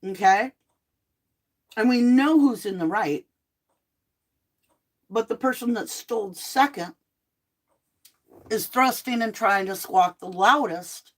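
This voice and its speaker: A middle-aged woman hosting a live true crime tarot chat from home, talking casually and bluntly with animated asides while she is sick on cough medicine. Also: mid-range voice, takes it slowly, long pauses. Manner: chatty, blunt, animated asides and mock quotes.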